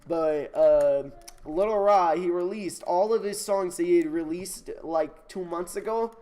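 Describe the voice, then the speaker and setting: A man's voice: sits high, unhurried, mellow. A young man hosting a casual podcast with friends, laughing often through joking banter. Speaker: podcast host. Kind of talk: casual chat.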